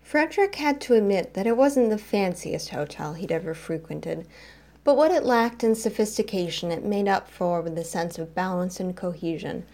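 A woman narrating a story in an expressive, dramatic reading style. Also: on the low side, normal speed.

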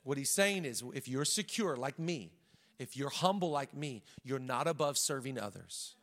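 A man preaching a sermon in a conversational, humorous, animated way in a church auditorium. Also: medium pitch, normal speed, big-room sound. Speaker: pastor.

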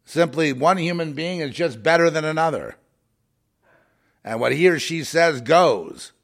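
Halting and repeating himself, a man rambles through a monologue, his voice slightly high with lively intonation. He drops to mutters at times before rising into heated outbursts.

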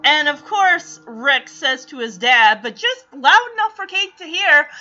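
Animated high-voiced woman recapping a show. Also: measured pace, few pauses, lo-fi sound. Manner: animated, laughing, chatty. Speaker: TV recap vlogger. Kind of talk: casual recap with clips.

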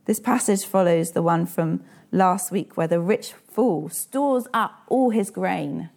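A woman's voice: on the low side, slow pace, gravelly, a little mellow. A woman in her thirties preaching a sermon in an earnest, personal way and asking the listeners direct questions.

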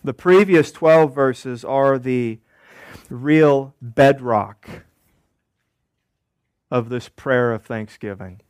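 Male pastor mid-sermon, unhurried, fond of repetition and rhetorical questions, close and dry. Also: mid-range voice, clean tone, dry recording. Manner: deliberate, repeats key phrases, asks rhetorical questions.

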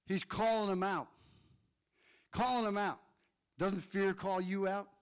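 A man's voice: high-pitched, steady tone, unhurried, clear, resonant tone. A male pastor preaching a fired-up sermon, calling on listeners by name.

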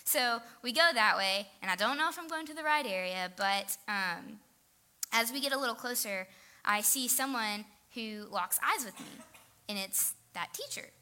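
A woman's voice: fairly high pitch, normal speed, sharp tone. A woman telling a self-deprecating story in a casual sermon, saying "like" often. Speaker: teacher and speaker.

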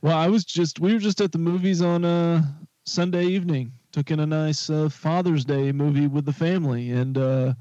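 A man co-hosting a casual podcast chat, telling stories with dry, deadpan humor. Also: fairly high pitch, moderate pace, no room sound. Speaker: podcast co-host. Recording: dull lo-fi podcast audio.

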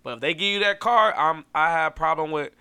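A man's voice: fairly high pitch, fairly quick, gravelly, pushed and bright, smooth. A man co-hosting a podcast, telling a story in a laid-back, slangy way and laughing often. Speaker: podcast co-host. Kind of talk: casual chat.

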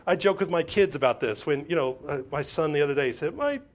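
A man with a notably high voice preaching a sermon. He drives points home with repeated phrases and often restarts a sentence mid-thought. He briefly acts out other people's voices when telling a story. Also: fast. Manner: emphatic, repetitive preaching with frequent restarts. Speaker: pastor.

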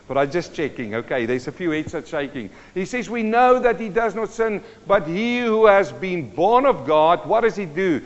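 A man preaching a sermon, asking his congregation questions as he teaches. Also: high voice. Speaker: pastor. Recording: dull sound with long hall reverb.

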